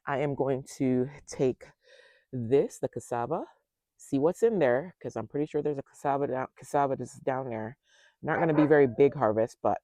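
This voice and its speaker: A man casually walking viewers through his backyard garden, chatting to them directly and thinking out loud as he goes. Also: mid-range voice, creaky, no room sound. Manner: chatty, talks straight to viewers and thinks aloud. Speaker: home gardener giving a tour. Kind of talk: casual garden tour vlog.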